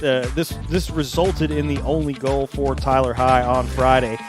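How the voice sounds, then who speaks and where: A young man hosting a live soccer broadcast from a stadium press box, with a steady, friendly announcer delivery. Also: medium pitch, moderate pace, music in the background. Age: young adult. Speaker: play-by-play host. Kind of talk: sports broadcast commentary.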